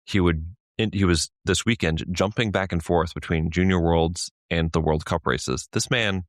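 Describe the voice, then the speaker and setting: Low-voiced guy cohosting a podcast, chatty, laughs a lot, dry sound. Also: normal speed, dry recording. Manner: chatty, laughs often, animated storytelling. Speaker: podcast co-host. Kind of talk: casual chat.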